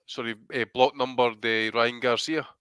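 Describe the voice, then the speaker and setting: A man, co-hosting a boxing podcast in casual chat, animated and joking. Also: medium pitch, moderate pace, clear, resonant tone, dry recording. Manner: animated, banter-heavy, laughs often. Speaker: podcast co-host.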